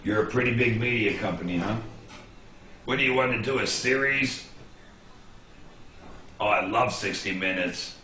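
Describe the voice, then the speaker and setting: A man's voice: lowish voice, moderate pace, pauses often, pushed and bright, a little hiss or hum. A man in his sixties telling rambling personal stories, blunt and profane, jumping from memory to memory. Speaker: interviewee. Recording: roomy echo.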